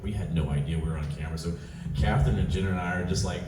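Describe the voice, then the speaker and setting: A man sharing laughing, animated anecdotes as a guest on a convention panel. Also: low-pitched, rapid-fire. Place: large convention hall. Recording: roomy hall, distant mic, audible noise.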